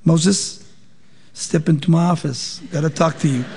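A man's voice: on the high side, a little slow, gravelly, darkish tone, long reverb tail. A man voicing God as a patient male deity who questions and corrects, with conversational, pointed rhetorical questions. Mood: patient rebuke.

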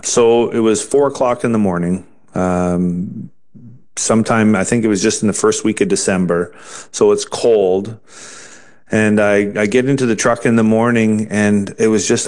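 A man telling his conversion story in an interview, earnest and halting, often restarting his sentences. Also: sits low, a little mellow. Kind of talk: personal testimony in an interview.

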